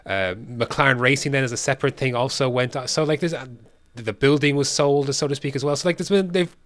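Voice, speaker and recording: In a laid-back podcast conversation, this male co-host speaks briskly in a medium, slightly bright voice with no room sound. His talk wanders, packed with fillers and false starts.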